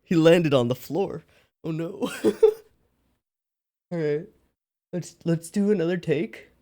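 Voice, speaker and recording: A woman's voice: deep voice, slow pace, warm tone. A woman hosting an anime reaction channel, chatting casually between takes and laughing and swearing at her own mistakes. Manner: giggly, self-mocking, swears and keeps laughing between takes. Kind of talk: casual behind-the-scenes chat.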